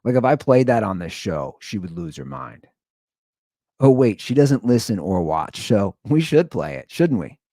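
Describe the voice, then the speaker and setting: A man in his thirties hosts a casual monologue with a dry, close sound. His delivery is animated and swings widely in pitch. He tells stories bluntly and swears freely. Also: moderate pace, dry recording. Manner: animated storytelling, blunt and profane. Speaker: podcast host.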